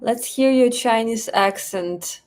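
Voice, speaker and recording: A young Russian woman with a Russian accent hosts a relaxed live stream from home. She talks slowly in a fairly high voice. She is chatty, laughs often and fills gaps with "like" and "uh.". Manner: chatty, laughs often, thinks aloud with fillers. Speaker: livestream host. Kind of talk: casual live-stream chat reading comments. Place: home in Moscow.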